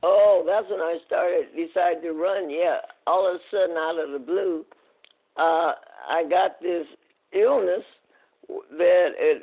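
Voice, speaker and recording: A woman in her eighties from the United States, a guest telling animated stories in a casual interview. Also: low-pitched, vocal fry, husky. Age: 80s. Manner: animated storyteller, acts out quoted exchanges. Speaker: guest, masters sprinter. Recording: tinny phone-line audio.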